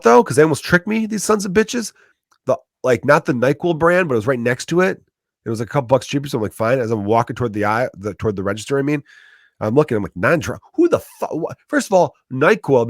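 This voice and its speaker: A man in his thirties with a Chicago accent delivers a profane, ranting comedy monologue as a podcast host. His voice sits on the low side. The sound is close and dry, with no room around it. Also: dry recording.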